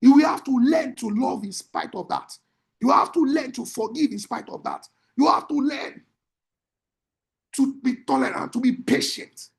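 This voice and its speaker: Marriage coach guy preaching, real high voice, gravelly edge, keeps shouting for emphasis. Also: normal speed. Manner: emphatic, repetitive, bursts into shouting. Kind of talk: preaching-style marriage teaching.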